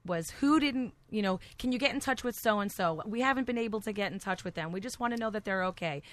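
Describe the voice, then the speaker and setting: A woman's voice: medium pitch, quick pace, dry recording. A middle-aged woman from New Jersey with a Jersey accent, chatting as a guest and telling stories with animation. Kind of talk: casual chat.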